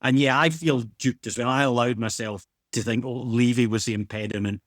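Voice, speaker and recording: A man's voice: mid-range voice, steady tone, fairly quick, no room sound, studio quality. A man co-hosting a podcast, making an insistent case in casual chat and often restarting his sentences. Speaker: podcast co-host.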